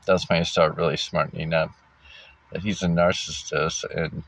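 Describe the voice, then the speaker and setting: A man casually telling a personal story, halting often with fillers and restarts and giving wry little laughs. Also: low voice, level tone, a bit bright. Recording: dull lo-fi recording.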